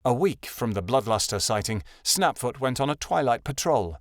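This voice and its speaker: Man, audiobook narration, mid pitch, steady measured delivery, dry close recording. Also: dry recording. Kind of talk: scripted narration.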